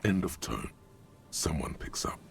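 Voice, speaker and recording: Omniscient game narrator, extremely deep and gravelly, faint music behind. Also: male voice, expressive, in a whisper, heavily acted. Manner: measured, dry.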